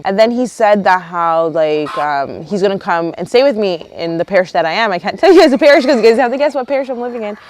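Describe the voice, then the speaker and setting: A young woman from Canada vlogging outdoors, chatty and animated, telling a storytime with lots of quoted dialogue. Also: medium pitch, fast talker, few pauses, slight background noise. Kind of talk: casual storytime vlog. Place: outdoors near a yard with roosters and hens. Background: roosters and hens.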